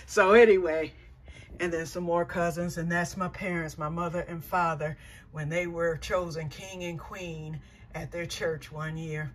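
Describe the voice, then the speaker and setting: A woman's voice: lowish voice, husky. Rambling, self-correcting middle-aged woman. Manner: folksy, says y'all. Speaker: vlogger. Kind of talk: casual personal vlog.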